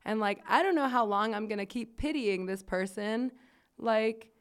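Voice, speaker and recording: A woman's voice: on the high side, moderate pace, clean tone. A woman podcast host telling a story in casual chat, chatty and swearing freely, with lots of "like" fillers.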